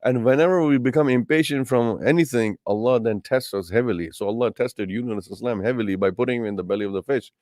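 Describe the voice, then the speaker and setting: Male Islamic teacher giving a tafseer lecture, lively and expressive, recorded dry and close. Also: medium pitch, fast talker, few pauses, no room sound. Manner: animated, acts out quoted voices; addresses listeners as brothers and sisters.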